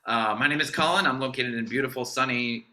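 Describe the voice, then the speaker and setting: A man's voice: mid-range voice, a little fast. A man co-hosting a spiritual podcast, opening the show with upbeat energy and telling stories in a casual chat. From United States. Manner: upbeat, animated storyteller. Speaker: podcast co-host.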